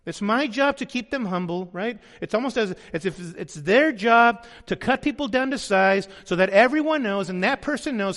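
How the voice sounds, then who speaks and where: High-voiced preaching man in a reverberant hall. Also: lively intonation, moderate pace, few pauses, a bit bright. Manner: earnest preaching, voicing quoted speakers. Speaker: pastor. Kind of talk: sermon.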